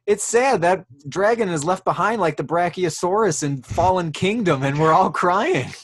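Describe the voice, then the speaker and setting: A man co-hosting a podcast, adding wry, deadpan commentary. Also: high-pitched, moderate pace, slight background noise. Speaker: podcast co-host. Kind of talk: casual chat.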